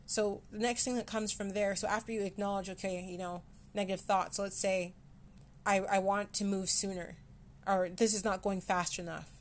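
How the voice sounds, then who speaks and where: A woman hosting a personal podcast, talking candidly and with self-deprecating humor, often halting with fillers and restarts, close to tears at times. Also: mid-range voice, steady tone, a little hiss or hum. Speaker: podcast host. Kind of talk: personal mental health podcast.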